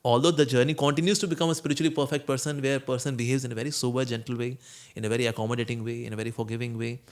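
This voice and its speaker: A man's voice: mid-range voice, level tone, rapid-fire. A man, a monk answering questions in a conversational spiritual talk, telling stories and acting out quoted voices. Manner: storytelling, acts out quoted voices, chuckles.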